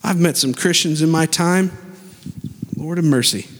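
A pastor preaching a sermon in church, animated and emphatic, speeding up and slowing down and swinging between loud and soft. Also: male voice, on the high side, big-room sound. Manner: animated, emphatic preaching with sudden shifts in pace and loudness.

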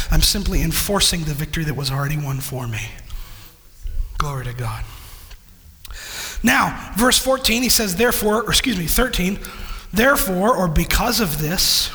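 A man preaching a sermon as pastor, animated, with sudden loud bursts and quick asides. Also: high-pitched, big-room sound.

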